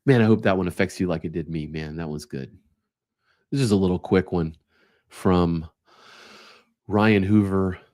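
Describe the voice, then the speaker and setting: A man's voice: sits low, brisk, darkish tone, dry recording, clean studio sound. A man hosting a solo podcast, reading short quotes aloud and reflecting on them in a casual, thoughtful way. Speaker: podcast host.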